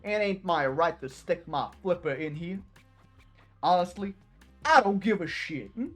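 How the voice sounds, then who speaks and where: A woman's voice: fairly low pitch, lively intonation, a little slow, fairly bright tone, faint music behind, pitched below the performer's own voice. A woman voicing a brash, bored male penguin boss who talks in a slangy, teasing street drawl. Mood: swaggering.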